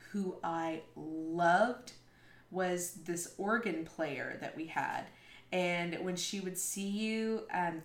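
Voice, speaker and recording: A woman with a lower voice tells candid stories in a casual chat, laughing as she goes. She is frank and playfully crude. The room has a noticeable echo. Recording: roomy echo.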